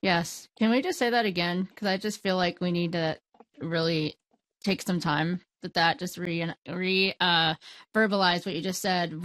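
A woman's voice: on the low side, fairly even intonation, moderate pace, a bit bright, no echo. A woman co-hosting a conversational discussion, asking questions and responding with engaged interest. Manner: engaged, asks questions, laughs lightly. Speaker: podcast co-host.

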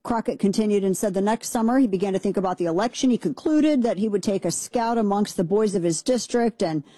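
Woman casually recounting a story, relaxed low-key tone, says "he goes" a lot, dry sound. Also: fast, no echo. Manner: conversational, loose "he goes" phrasing with restarts. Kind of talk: casual retelling of a historical anecdote.

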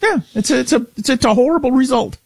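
A man's voice: extremely high pitch, rapid-fire, vocal fry, no echo, clean studio sound. A man co-hosting a talk radio show, giving sardonic, opinionated takes on politics. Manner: opinionated, sardonic, laughs at his own jokes. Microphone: studio microphone.

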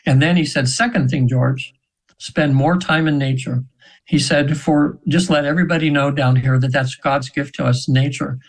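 A man's voice: medium pitch, fairly even intonation, normal speed, rough recording. A man in his seventies, a radio guest, telling a spiritual story in a rambling, earnest way, often restarting and retelling what others said. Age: 70s. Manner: rambling and earnest, with frequent restarts and retold quotes. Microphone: radio interview mic.

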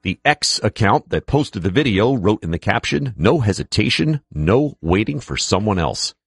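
A man anchoring a radio newscast, reading the stories in a steady, measured way into a studio mic. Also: on the low side, creaky, husky, no room sound. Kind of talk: read news bulletin. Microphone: studio broadcast mic.

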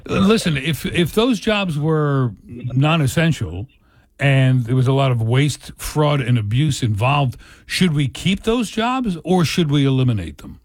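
Opinionated talk-radio man, husky, dry. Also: medium pitch, expressive, unhurried, no echo. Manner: opinionated, rambling with restarts. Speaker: radio talk show co-host.

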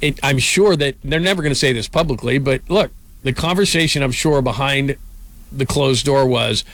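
Male sports commentator, casual, lively delivery with repeated starts. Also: medium pitch, brisk, no echo. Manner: animated, repeats words as he starts sentences.

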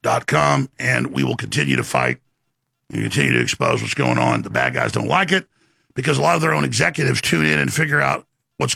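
A man hosting a talk show, delivering an emphatic rant and sales pitch with sudden swings in pitch. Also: creaky, bright, forceful tone, husky, no room sound, clean studio sound.

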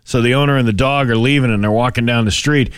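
A man co-hosting morning radio, telling a joke with a lively storytelling manner. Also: medium pitch, fast, smooth, no echo, clean studio sound. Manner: animated storyteller, does voices. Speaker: radio morning show co-host. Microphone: studio microphone.

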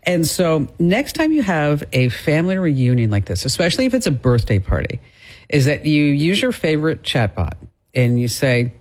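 A woman hosting a talk radio show, chatting casually, telling lively stories and laughing easily. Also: low-pitched, moderate pace.

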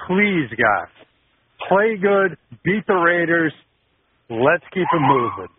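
A man's voice: fairly high pitch, very animated, takes it slowly, breathy edge. A man calling in to a sports radio show, an eager, rambling fan. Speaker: caller. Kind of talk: phone-in call. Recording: tinny phone line.

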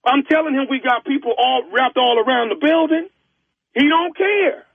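A man's voice: extremely high pitch, moderate pace, gravelly, no room sound. A man voicing a pushy, exasperated male record store clerk who scolds and talks over a caller. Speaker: prank caller. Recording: tinny phone line.

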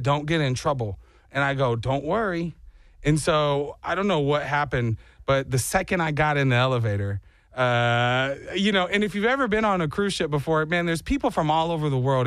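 A man's voice: fairly high pitch, dry recording. A young man casually telling a long, self-mocking story as a podcast co-host, slipping now and then into put-on accents.

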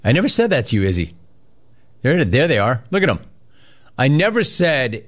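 A man hosting a sports talk radio show, reading listener chat aloud in energetic, quick bursts. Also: medium pitch.

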